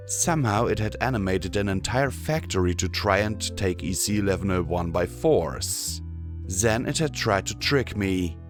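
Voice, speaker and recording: A man narrating a first-person audiobook in an expressive storytelling manner. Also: low-pitched.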